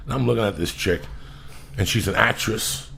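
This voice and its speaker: A male podcast host telling a profane, blunt, animated story. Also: fairly low pitch, normal speed, vocal fry, slight background noise.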